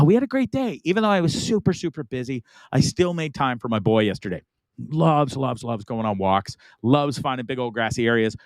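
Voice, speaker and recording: A middle-aged Canadian man hosts a live online talk show, chatting casually in a mid-range voice on a dry recording. He rambles enthusiastically, laughing often and drifting into asides.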